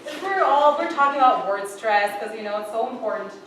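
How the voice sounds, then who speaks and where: A woman's voice: fairly high pitch, lively intonation, a little fast, fairly bright tone, a little hiss or hum. A woman conducting a choir rehearsal, talking in a chatty, upbeat way and singing syllables to show how a passage goes. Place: large rehearsal hall. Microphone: far camera. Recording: echoey hall from far off.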